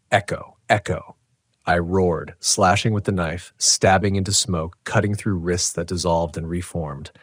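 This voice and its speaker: A man telling a first-person horror story in a tense, dramatic, measured way. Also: low voice, no room sound, clean studio sound. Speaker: narrator.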